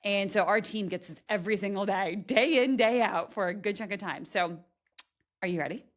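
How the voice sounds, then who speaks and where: A woman hosting a podcast interview, energetic and chatty, often tagging her points with "right?". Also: medium pitch, normal speed. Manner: energetic, frequent "right?" tags, laughs often. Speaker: podcast host.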